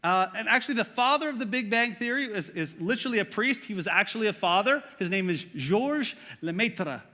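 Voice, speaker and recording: A man's voice: high voice, quick pace, pushed and bright. A man preaching a sermon in a conversational way, full of fillers, asking the audience questions. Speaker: pastor. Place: church auditorium. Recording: long reverb of a church hall.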